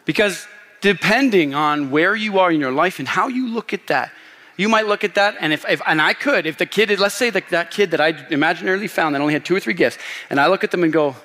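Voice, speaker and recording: Thirties male pastor, sermon, animated storyteller, somewhat high voice, long church reverb. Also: normal speed. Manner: storytelling, animated, laughs often. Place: church sanctuary.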